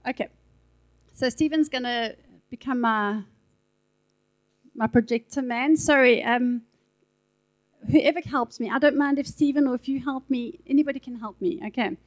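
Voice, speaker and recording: A woman's voice: high-pitched, normal speed, long pauses, poor audio. A woman preaching a sermon in a chatty, conversational way with asides, speaking into a handheld mic in a church. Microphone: handheld microphone.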